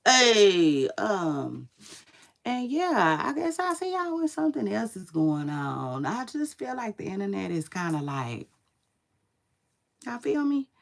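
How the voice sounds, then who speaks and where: Smoky-voiced sleepy woman chatting slowly. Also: sing-song, vocal fry. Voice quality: smoky low voice. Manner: laid-back, slangy, drawls and trails off. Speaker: online commentator. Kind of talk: casual livestream chat to viewers.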